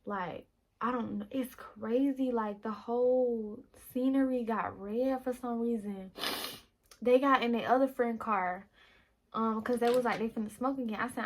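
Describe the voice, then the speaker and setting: A young woman tells a personal story in a relaxed vlog chat, her voice sitting a little high. She talks animatedly, restarting sentences and calling out to viewers as she goes. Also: moderate pace, slight background noise, low-quality recording. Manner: animated testimony, addresses viewers as y'all, many restarts. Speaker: lifestyle vlogger. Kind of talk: casual storytelling while getting ready.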